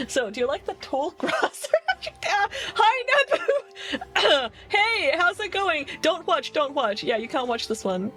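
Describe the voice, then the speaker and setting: A woman's voice: high-pitched, lively intonation, normal speed, bright, forceful tone, low-quality recording. A woman streaming a game in casual chat, laughing constantly and reading out her chat, with a noticeable accent of her own. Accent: non-standard accent.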